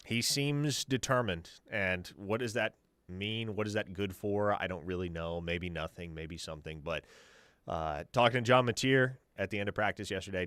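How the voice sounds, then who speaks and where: A man's voice: lowish voice, a bit bright, dry recording. A man hosting a sports talk radio show, confidently answering listener questions as a team insider. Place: radio studio.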